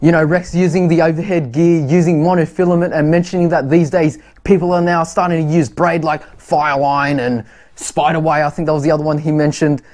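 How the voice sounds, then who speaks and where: A man's voice: on the high side, level tone, fairly quick, a little mellow. A man presenting a fishing livestream who introduces clips in a chatty way, chuckling as he talks to viewers. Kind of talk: casual show presenting.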